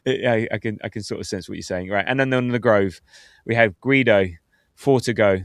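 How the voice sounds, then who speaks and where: A man, hosting a casual football podcast, chatty and quick to laugh as he reads out listener comments. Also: on the low side, no echo, clean studio sound. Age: 50s. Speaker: podcast host.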